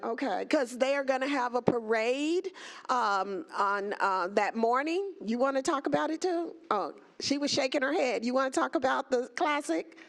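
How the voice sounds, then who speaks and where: Gravelly-voiced woman, gushing with enthusiasm. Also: high-pitched, moderate pace. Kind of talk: meeting remarks. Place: school board meeting room.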